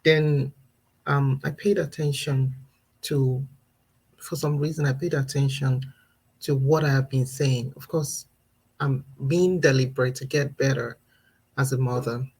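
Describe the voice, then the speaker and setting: Husky, gravelly mother talking live. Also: very deep voice, fairly even intonation, unhurried, a little mellow, rough recording. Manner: earnest and reflective, laughs between points. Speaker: parenting vlogger. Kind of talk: casual live-stream talk.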